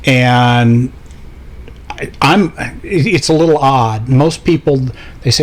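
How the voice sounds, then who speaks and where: A man's voice: mid-range voice, slow, long pauses. Easygoing joking man on a couch. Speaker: guest. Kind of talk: casual chat. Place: studio couch.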